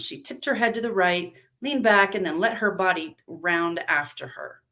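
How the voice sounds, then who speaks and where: A woman narrating a dark story at a live reading, in a low, measured voice.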